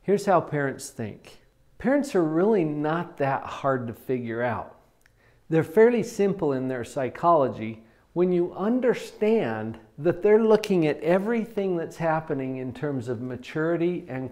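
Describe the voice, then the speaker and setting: A man giving a motivational talk to teenagers as a parenting coach, animated and full of rhetorical questions. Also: fairly high pitch, measured pace.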